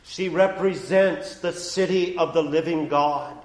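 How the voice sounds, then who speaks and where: Man, pastor, sermon, slow delivery, roomy church echo. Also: fairly high pitch. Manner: preaching with sharp swings from hushed to loud.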